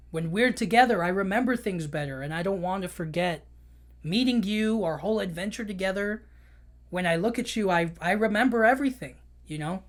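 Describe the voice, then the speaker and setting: A man hosting a podcast, recapping a film in an emotional, chatty way with lots of "you know". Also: sits high. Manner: emotional storytelling, many fillers like "you know". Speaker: podcast host. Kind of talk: casual movie recap.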